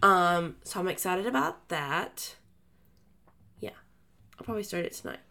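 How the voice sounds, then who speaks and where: A woman's voice: on the low side, expressive, a little slow, gravelly, sharp tone. A woman co-hosting a book podcast, talking in a casual, chatty way full of fillers and restarts.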